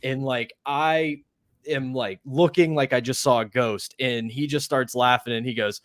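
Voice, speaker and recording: A young man co-hosting a podcast, telling an animated anecdote in a casual chat and acting out the quoted voices. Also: medium pitch, unhurried, dry recording, clean studio sound. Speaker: podcast co-host.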